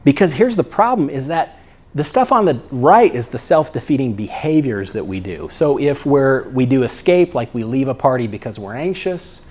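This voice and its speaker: A man's voice: mid-range voice, expressive, moderate pace, a little mellow. Man giving a casual psychology lecture. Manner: conversational, checks in with "right?" and "okay?". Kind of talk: lecture talk.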